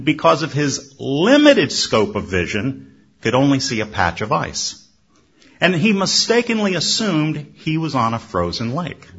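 A man preaching a sermon in measured, storytelling delivery with dramatic pauses. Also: medium pitch, fairly bright tone, breathy edge. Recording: dull lo-fi recording.

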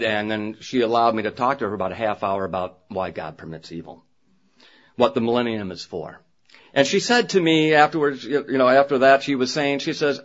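A man preaching to his brethren, telling a personal story in an animated way and acting out what others said. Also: mid-range voice, moderate pace. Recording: dull lo-fi recording.

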